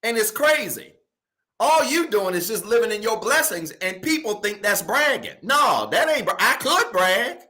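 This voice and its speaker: Preaching at a moderate pace in a high-sitting, very animated voice, this male pastor keeps his sermon casual and colloquial. He swings from loud emphasis to soft asides and repeats his key phrases.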